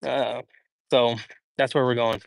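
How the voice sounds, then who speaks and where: A man's voice: medium pitch, level tone, measured pace, vocal fry, no echo. A young man from Idaho hosting a casual walk-and-talk livestream outdoors in a park, hot and sweaty, chatty and rambling, with lots of fillers and restarts, reading and answering chat. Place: outdoors in a large public park.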